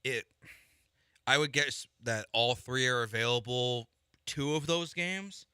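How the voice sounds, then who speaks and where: A man's voice: mid-range voice, takes it slowly, sharp tone, clean tone, no room sound, studio quality. A man co-hosting a sports radio show, chatting casually in a musing way about baseball. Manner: conversational, musing, trailing off.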